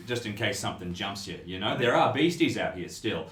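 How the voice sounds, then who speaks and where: A man's voice: lowish voice, animated, brisk, a bit bright. A man voicing a boastful, folksy rural truck driver with a drawling manner. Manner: folksy, drawling, drinks and burps. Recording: roomy echo.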